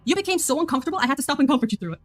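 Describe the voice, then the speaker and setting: A woman on a group voice call speaking high and fast, blunt and sarcastic as she confronts someone. The sound is dry, with faint music behind her. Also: expressive, no echo. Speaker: caller confronting another.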